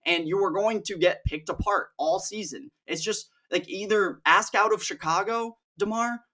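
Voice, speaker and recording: A young man co-hosting a sports podcast, ranting in casual chat and acting out players in quick asides. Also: high-pitched. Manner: animated, ranting, mimics players in quoted asides. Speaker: podcast co-host.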